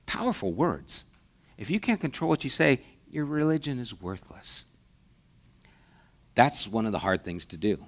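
A man giving a conversational sermon as a pastor, acting out little dialogues and dropping to a hushed voice for emphasis. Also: on the low side. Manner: conversational preaching, acts out mock dialogues, drops to a hushed voice.

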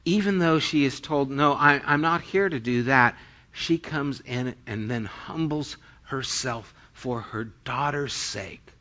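Male pastor, slow deliberate sermon delivery, brightish voice, reads scripture then retells it casually; muffled lo-fi audio. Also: medium pitch. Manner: reads scripture aloud, then retells it in plain everyday speech.

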